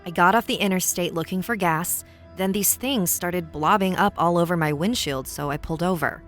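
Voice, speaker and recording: A woman's voice: fairly low pitch, normal speed, a bit bright, soft background music, natural voice. An actress playing a practical woman in a unicorn costume, speaking in a dry, matter-of-fact way.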